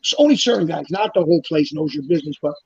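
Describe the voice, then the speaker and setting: Middle-aged guy rambling thru stories fast, cusses a lot, slightly high voice, dry dull sound. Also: expressive, creaky, husky, dry recording. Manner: rambling storyteller, swears freely, acts out quotes loudly. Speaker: guest telling prison stories. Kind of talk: casual chat.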